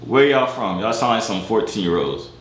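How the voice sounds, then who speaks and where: At night in an echoey room, a tired young man vlogs on a video chat site, joking and boasting in slang as he chats casually with strangers on a webcam. His voice is fairly low and moves at normal speed, with a loud crowd in the background.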